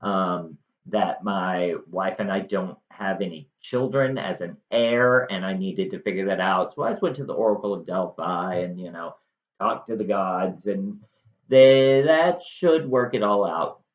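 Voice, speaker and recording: A man's voice: sits low, a little slow, voice pushed down. Awkward new king , put on by a man, hesitant and wavering, with a roomy, muffled sound. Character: awkward, cautious newly crowned king.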